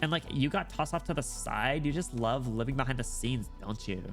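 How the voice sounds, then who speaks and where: A man's voice: mid-range voice, animated, brisk, faint music behind, close to an everyday voice. Brief: male streamer reading a young woman envoy in a valley-girl drawl, flippant, "like" in every breath, game story read aloud. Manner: sprinkles "like" everywhere, breezy.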